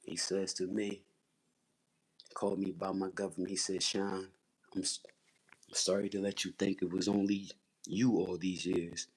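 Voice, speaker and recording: Husky low-voiced man, intense. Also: flat delivery, a little slow, long pauses, darkish tone. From Philadelphia, USA. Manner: intense, repetitive, blunt and profane. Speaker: livestream host. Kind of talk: raw personal testimony on a livestream.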